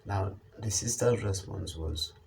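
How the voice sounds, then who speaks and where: A man with a low voice gives commentary on a news story in an unhurried way. He leans hard on his points and repeats phrases to stress them. A faint hum of noise sits under the voice. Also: vocal fry, a little mellow, rough recording. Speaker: online channel commentator.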